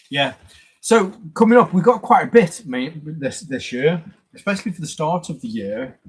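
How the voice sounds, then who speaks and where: Husky, rambling live stream host. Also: male voice, medium pitch, poor audio. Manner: rambling, greets viewers by name. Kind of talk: casual live stream chat.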